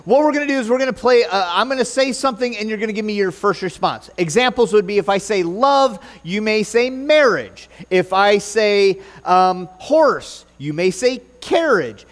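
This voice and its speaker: Pastor guy, kinda high voice, jokey with the church crowd, trips over his notes. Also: expressive, normal speed, few pauses. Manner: joking, chatty with the congregation. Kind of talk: sermon.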